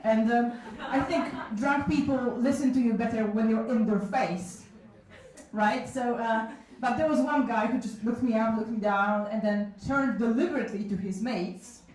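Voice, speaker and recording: A woman's voice: fairly high pitch, moderate pace, a little mellow. Woman in her 30s, live comic storytelling, candid and chatty, distant mic in a roomy cafe. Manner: self-mocking, frank, chatty with asides. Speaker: solo show performer telling stories. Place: small cafe event room. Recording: echoey room from a distance.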